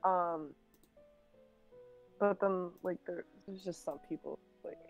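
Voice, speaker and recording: Young female guest, lowish voice, chatty and rambling, faint music bed. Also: steady tone, slow pace, lo-fi sound. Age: young adult. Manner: rambling storyteller, many "like"s, giggly. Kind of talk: casual chat on a stream.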